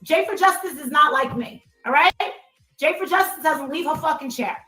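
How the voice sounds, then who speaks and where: A woman's voice: high voice, normal speed, bright, forceful tone. A middle-aged woman with a New Jersey accent, ranting angrily and profanely on a livestream. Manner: profane, confrontational, heated. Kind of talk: angry livestream rant. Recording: echoey and distant, faint music.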